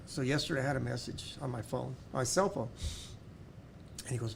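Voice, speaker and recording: A middle-aged man with a South Texas accent, a podcast guest who tells stories warmly, often restarting and repeating words. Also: medium pitch, brisk, creaky, a little hiss or hum. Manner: warm storytelling with many restarts and repeated words. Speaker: podcast guest, school board member. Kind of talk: casual interview storytelling.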